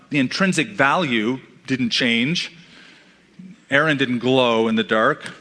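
Bright-voiced man preaching in a hall. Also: mid-range voice. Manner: emphatic preacher with dramatic repetitions. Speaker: pastor. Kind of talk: sermon.

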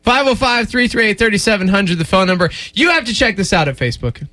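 Bright high-voiced morning radio man. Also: animated, faint music behind. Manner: jokey, quick, laughs often. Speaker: radio morning show host. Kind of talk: casual studio banter. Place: radio studio. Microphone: studio microphone.

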